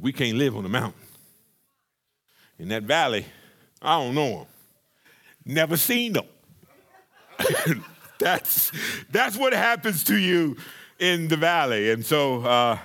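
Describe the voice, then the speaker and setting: A male pastor delivers a lively, conversational sermon in a fairly high-pitched voice, acting out scripture scenes and adding playful asides.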